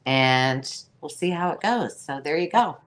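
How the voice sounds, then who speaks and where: Woman, very deep voice, lively pitch, chatty, jokey, live-stream sale host. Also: a little slow. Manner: chatty, jokey, laughs at her own remarks. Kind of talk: live-stream sales chat.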